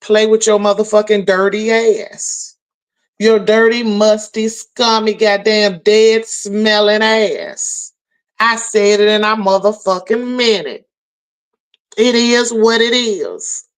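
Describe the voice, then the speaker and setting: A woman's voice: medium pitch, steady tone, takes it slowly, smooth, poor audio. A woman hosting a live stream, ranting in a brash, profane, mocking way as she calls people out. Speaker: livestream host.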